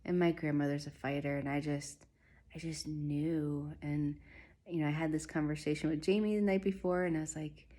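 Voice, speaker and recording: A young woman with a low voice talks straight to her viewers, telling a personal story. Her delivery is soft and halting, full of ums and pauses. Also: fairly even intonation. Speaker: spiritual vlogger.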